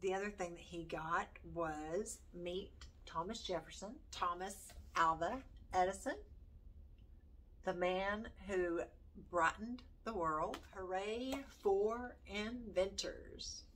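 A woman's voice: mid-range voice, slow pace, a bit bright, slight background noise. An older grandmother with a Southern accent, chatting folksily about homeschool books in a vlog. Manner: chatty, folksy, reads book titles aloud. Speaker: homeschooling vlogger. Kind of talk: casual chat to camera.

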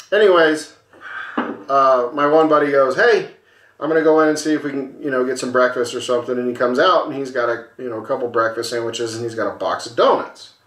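A man's voice: medium pitch, fairly quick, echoey room. A man co-hosting a casual podcast, telling a wild road story and acting out the voices as he goes. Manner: animated storyteller, acts out voices, swears freely. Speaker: podcast co-host. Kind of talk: casual storytelling over a beer.

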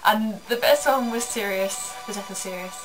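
A woman's voice: medium pitch, normal speed, music in the background, low-quality recording. A woman co-hosting a vlog, chatting casually in an emphatic way. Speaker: vlog co-host. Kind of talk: casual chat.

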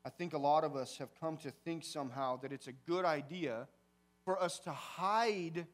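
A man with a fairly high voice delivers a sermon in a church. He talks casually with the congregation and acts out his own story with sudden loud outbursts and quiet asides. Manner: animated storytelling, swings from quiet to shouting. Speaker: pastor. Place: church sanctuary.

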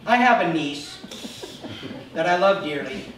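A man's voice: fairly high pitch, unhurried. A man preaching an Easter sermon as pastor, talking to the congregation and often checking in with "Okay?". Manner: animated, acting out Bible figures. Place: church sanctuary. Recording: very echoey room, voice from a distance, faint noise.

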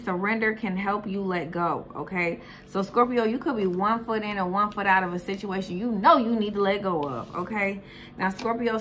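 A woman's voice: mid-range voice, fairly bright tone, slight background noise. Blunt, profane woman reading tarot cards. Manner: blunt, profane, repeats "okay?" and "Scorpio". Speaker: tarot reader.

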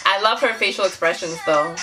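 A woman's voice: fairly low pitch, brisk, over music. A woman hosting a casual reaction vlog, bubbly and giggly, gushing out exclamations to her viewers. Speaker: YouTube reaction host.

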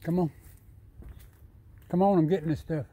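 Out in his own yard, a man films a casual vlog on his phone camera, trying to coax squirrels over to eat. His voice is steady and dark with a breathy edge, moving at a moderate pace and climbing higher whenever he calls to the animals.

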